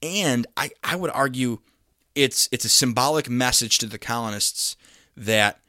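A man's voice: medium pitch, a little slow, bright, forceful tone, no room sound, studio quality. A man teaching a history lesson in a casual, conversational way, with plenty of fillers, restarts and bursts of emphasis. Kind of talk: casual lecture.

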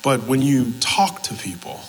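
A man's voice: medium pitch, a little slow, in a large hall, low-quality recording. A man preaching a sermon as pastor, telling stories and acting out both sides of conversations. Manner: animated storytelling, acts out both sides of conversations.

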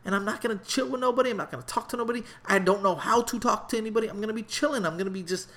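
A man's voice: high voice, very fast, a bit bright. Profane, rambling storytelling man. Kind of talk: casual comedic storytelling.

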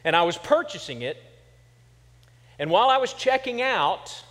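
High-voiced pastor preaching in a reverberant church. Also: male voice, big pitch swings, moderate pace, a bit bright. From Kansas. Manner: conversational storytelling with humor, building to emphatic points. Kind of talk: sermon. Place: church sanctuary.

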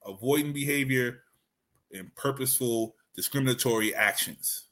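A man's voice: medium pitch, moderate pace, a bit bright. A man leading a casual podcast chat, reading out definitions and posing questions. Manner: reads definitions, asks discussion questions.

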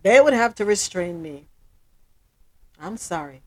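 A Jamaican woman hosting a casual news podcast, switching between patois and standard English in an animated way. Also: medium pitch, a little slow. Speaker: podcast host.

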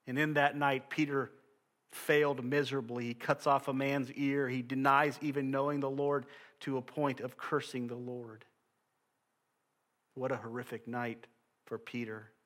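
A male pastor preaches an earnest sermon, reading scripture aloud. His voice sits at an ordinary middle pitch, and he lets many phrases fall away softly at the end.

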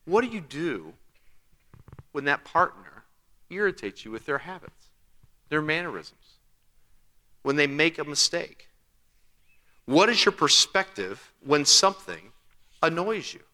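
Bright-voiced male pastor preaching in a reverberant hall. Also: on the high side, sing-song, a little slow, long pauses. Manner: conversational preaching with rhetorical questions and acted-out quotes. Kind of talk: sermon.

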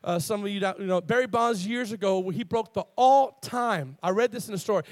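Male pastor, high voice, fervent sermon delivery with loud emphatic peaks, stumbling restarts. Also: brisk, hardly any pauses, dry recording, studio quality. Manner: fervent, climbs to loud emphatic preaching with call-outs; repeats words and restarts often. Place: church sanctuary with congregation.

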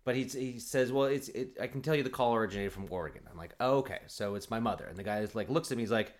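Brief: man, mid-pitched, animated comic storyteller, lots of "like" and quoted dialogue, laughs easily. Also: rapid-fire. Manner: animated, acts out quotes, laughs often, many fillers. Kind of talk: casual comedic storytelling.

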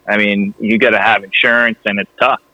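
A man's voice: lowish voice, level tone, a little fast, sharp tone, no room sound, dull audio. A young man with a Rhode Island accent, a podcast guest telling stories in casual chat, laughing often and swearing. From New England.

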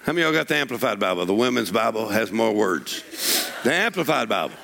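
Gravelly, animated preacher man. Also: fairly low pitch, fast talker. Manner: folksy storytelling that rises into shouted declarations. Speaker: pastor. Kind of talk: sermon. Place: church sanctuary.

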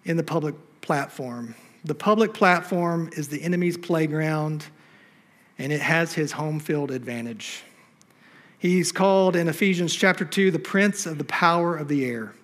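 A pastor preaching a sermon on a church stage, emphatic and fond of rhetorical questions to the congregation. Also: male voice, fairly high pitch, a little slow, a bit bright.

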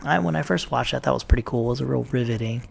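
A man's voice: mid-range voice, quick pace, vocal fry, husky. A man casually recapping TV episodes, rambling and swearing with plenty of ums and uhs. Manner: rambling, profane, lots of fillers. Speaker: TV recap vlogger.

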